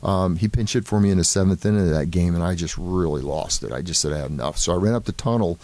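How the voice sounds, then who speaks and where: An older man with a lowish voice tells stories from his playing days at an easy pace, with plenty of "you know" and "um" along the way. The sound is close and dry, with no room around it. He comes across as a guest looking back in a casual interview. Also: fast talker, dry recording. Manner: relaxed anecdotal storytelling with many fillers. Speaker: former baseball player, guest.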